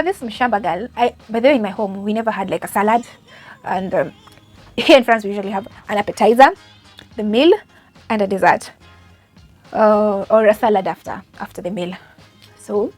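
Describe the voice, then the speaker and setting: Chatty Kenyan woman, high voice. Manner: chatty, self-mocking, laughs often, many fillers. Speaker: au pair. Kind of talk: casual storytelling vlog.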